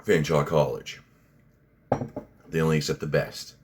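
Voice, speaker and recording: A man's voice: a bass voice, flat delivery, a little slow, slightly rough. A man, rambling bluntly through a casual commentary vlog, swearing freely and restarting his sentences. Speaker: fitness vlogger.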